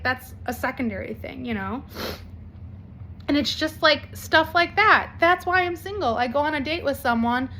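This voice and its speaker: A woman in her forties talking candidly to camera as a vlogger, blunt and animated, swearing freely. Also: sits high. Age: 40s.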